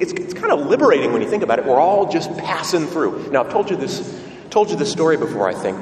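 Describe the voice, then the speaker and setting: A male pastor preaches with lively, swinging pitch and a conversational, questioning manner. His voice sits a little high for a man and carries a long hall reverb, picked up from a distance with a faint ambient hum beneath. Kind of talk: sermon. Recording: roomy hall sound from a distant mic.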